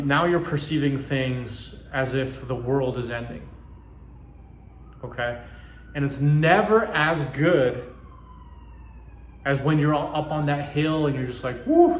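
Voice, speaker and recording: A man's voice: on the high side, roomy sound, a little hiss or hum. A man hosting his own channel, giving a casual motivational talk to camera, rambling with many fillers and acting out quoted reactions. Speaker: channel host.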